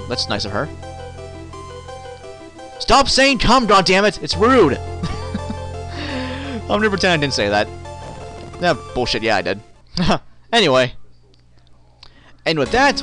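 A man giving gameplay commentary with a lively, bouncing pitch that sits a little higher than most. He jokes and talks back sarcastically to the game, with soft music underneath. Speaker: let's play host.

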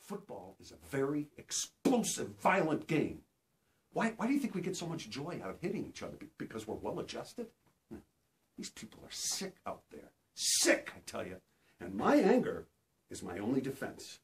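A man's voice: mid-range voice, wildly swooping pitch, moderate pace. An actor playing an angry professional football player talking to his therapist, intense and defiant. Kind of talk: cold-read scene.

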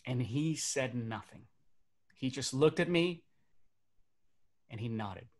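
A man, a magician and speaker in his thirties, telling comic personal stories to a virtual audience on a webcam setup, animated, and dropping to quiet for serious beats. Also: mid-range voice, takes it slowly. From Burbank, United States. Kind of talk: stand-up storytelling for a virtual audience.

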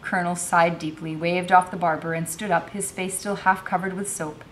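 A woman's voice: on the low side, fairly even intonation, moderate pace, slight background noise. A woman teacher reading a novel aloud, narrating expressively.

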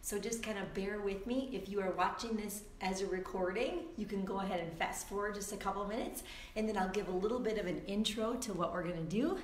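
A woman fitness instructor chatting with viewers before a live online workout class, upbeat and greeting people by name, her voice a little hoarse from the morning. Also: mid-range voice, brisk, echoey room, a little hiss or hum. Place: room at home.

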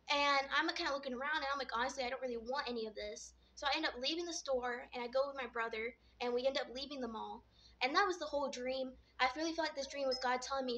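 A woman's voice: high voice, bright, forceful tone, a little hiss or hum. A woman vlogger casually retelling a dream, rambling and filling her talk with "like". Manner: rambling, full of "like" fillers.

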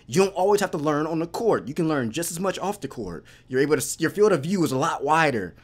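Excitable man hyping up an anime. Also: on the high side, fast. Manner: excitable, hyped, cheering and laughing often. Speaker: anime reaction host. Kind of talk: casual reaction commentary.

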